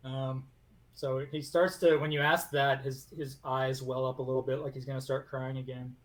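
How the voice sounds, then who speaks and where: A man narrating a tabletop game as game master, halting and full of fillers. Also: medium pitch, flat delivery.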